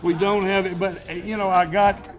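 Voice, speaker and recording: A man's voice: high-pitched, little pitch movement, moderate pace. A man in his seventies giving an award acceptance speech, telling chatty self-deprecating anecdotes with restarts and chuckles at a podium microphone in a banquet hall.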